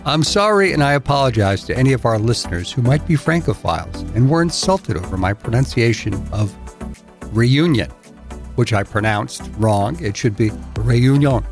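A man's voice: mid-range voice, sing-song, brisk, hardly any pauses, faint music behind. An older man from Massachusetts co-hosting a travel podcast, teasing and self-deprecating in casual chat. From Massachusetts, USA. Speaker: podcast co-host.

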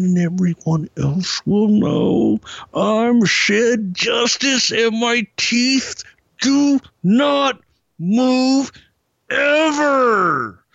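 A man's voice: high voice, gravelly, a bit bright, dry recording, voice pushed up, exaggerated voice. Man doing a teeth-grinding arrogant wrestler. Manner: slow, clenched-jaw delivery. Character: slow, teeth-grinding, self-important male wrestler. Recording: dry muffled lo-fi recording.

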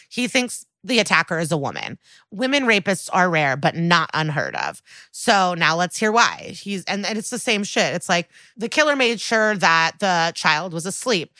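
Her fairly low-pitched voice comes through a dry recording as she co-hosts a podcast. She's recapping an episode of a crime series, swearing freely and animatedly acting out the characters' dialogue.

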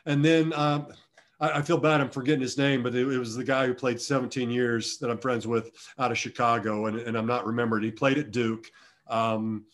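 A middle-aged man speaking at an everyday middle pitch, telling long stories as an interview guest. He rambles, restarts his sentences often and pokes fun at himself. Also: little pitch movement, brisk. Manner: rambling, self-deprecating, frequent restarts. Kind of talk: conversational storytelling interview.

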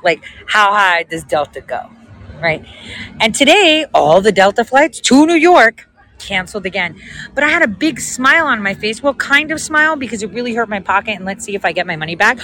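A woman's voice: a little high, animated, fairly quick, fairly bright tone, rough recording. A woman telling a story in a casual vlog, chatty and sarcastic, often laughing. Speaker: vlogger.

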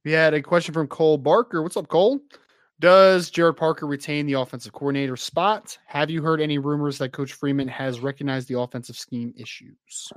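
A man's voice: fairly high pitch, steady tone, a little fast, no room sound, clean studio sound. A man co-hosting a sports podcast, reading listener questions and teasing his partner. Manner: teasing, brief interjections. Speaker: podcast co-host. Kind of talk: casual sports talk.

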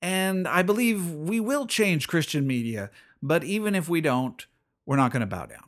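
A man's voice: on the high side, lively intonation, normal speed, fairly bright tone. A middle-aged man hosting a podcast, giving an earnest personal faith reflection that often repeats phrases and restarts his sentences. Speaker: podcast host.

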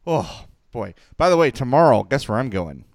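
A middle-aged man, co-hosting a casual sports podcast, gushing and excitable, also reading sponsor spots. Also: medium pitch, moderate pace, vocal fry, no echo, clean studio sound. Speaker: podcast co-host.

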